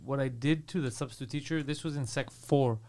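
A man co-hosting a casual podcast chat, telling brash, animated school stories and swearing freely. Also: mid-range voice, a little fast. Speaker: podcast co-host.

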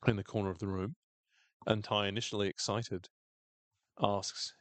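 A man's voice: on the low side, fairly quick, fairly bright tone, no room sound. A man co-hosting a podcast, recapping a show in casual chat with sardonic jokes and free swearing. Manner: sardonic, jokey, swears freely. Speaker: podcast co-host.

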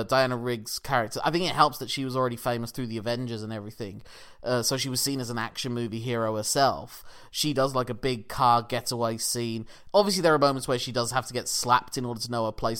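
A man with a mid-pitched voice co-hosts a casual film podcast. He talks in long analytical runs, restarting his sentences often. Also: fairly bright tone. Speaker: podcast co-host.

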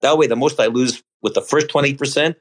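A man of ordinary pitch talks as a podcast guest, walking through charts in a loose, chatty way. He often stops to restart or correct himself mid-sentence before pressing on with his point. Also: fast, husky, low-quality recording. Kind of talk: casual explanation of market charts.

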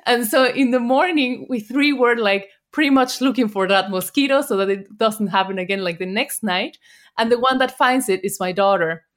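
A woman from Mexico speaking English with a Mexican Spanish accent, her voice sitting a little on the high side. She is an interview guest who tells lively stories and laughs often. Spanish is her first language. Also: normal speed. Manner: laughs often, animated storyteller. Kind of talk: casual interview chat.

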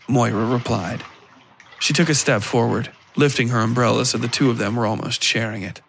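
A man reading a dark fiction story aloud in a measured narration style. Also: mid-range voice, steady tone, gravelly, a little hiss or hum. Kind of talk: scripted horror story narration.

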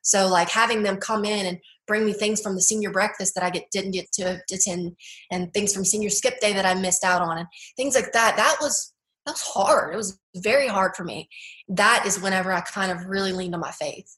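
A young woman speaking earnestly and a little haltingly, her sentences full of filler words and restarts. Her voice sits at an ordinary pitch for a woman. The room around her rings with a noticeable echo. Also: a bit bright. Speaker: guest. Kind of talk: personal testimony interview.

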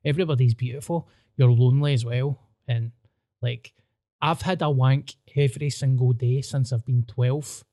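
Crude, animated storytelling and frequent laughter mark this Scottish podcast host's casual chat. His medium-pitched voice moves at a moderate pace, captured as clean studio sound with no echo.

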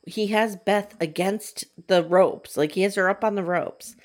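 A woman hosting a casual TV recap podcast, animated and swearing, acting out the scenes she retells. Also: mid-range voice, unhurried. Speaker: podcast host.

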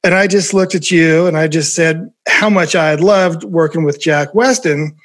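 A man's voice: a little high, normal speed. Man telling a workplace story, laughing. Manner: animated anecdote-telling, laughing often. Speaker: former record label promoter. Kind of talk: storytelling in casual conversation.

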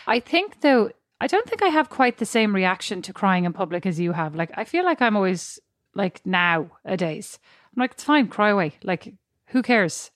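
A woman who is a mother, co-hosting a casual chat and telling stories in an animated, frank way. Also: medium pitch, moderate pace, hardly any pauses, dry recording, clean studio sound. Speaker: podcast co-host.

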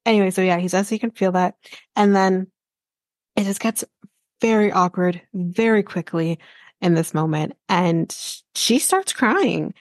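A woman's voice: medium pitch, measured pace, no echo, clean studio sound. Blunt, swearing woman podcast host. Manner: blunt and exasperated, swears freely. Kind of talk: casual chat recapping a reality show.

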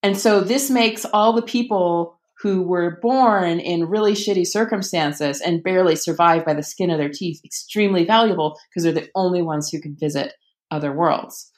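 Chatty, lowish-voiced woman author. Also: moderate pace. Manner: chatty and enthusiastic, many ums and restarts. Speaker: author and podcast guest. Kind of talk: casual conversational interview.

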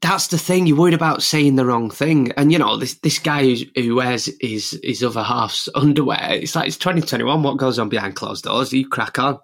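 A man's voice: mid-range voice, moderate pace, hardly any pauses, a bit bright. Chatty man, laughs often. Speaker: podcast host and radio presenter. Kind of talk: casual interview chat.

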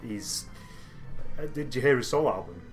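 A man around thirty with a mid-pitched voice, chatting in a relaxed way and filling gaps with "like" and "you know." Faint music plays softly behind him. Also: normal speed. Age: 30s. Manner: relaxed, filler-heavy, swears casually. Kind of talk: casual chat.

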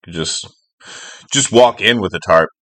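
A man trading quick, teasing one-liners in a casual chat with his co-host. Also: low voice, a bit bright, no echo.

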